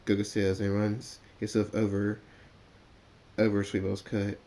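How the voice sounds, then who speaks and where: Halting man reading a story. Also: on the low side, monotone, warm tone. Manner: halting, frequent stumbles and repeats. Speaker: story reader. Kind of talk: reading a fan story aloud.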